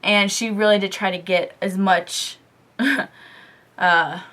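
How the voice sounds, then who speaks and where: A young woman casually telling a story in a beauty vlog, chatty and animated, full of "like" and "um", talking straight into a camera mic. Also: mid-range voice, slow. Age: young adult. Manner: chatty, lots of "like" and "um"; animated storytelling, quoting others. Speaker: beauty vlogger.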